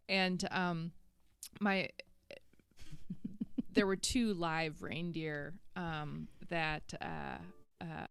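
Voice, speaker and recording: A woman guest telling a funny story in a casual chat, animated and laughing. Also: on the low side, clear, resonant tone, no room sound.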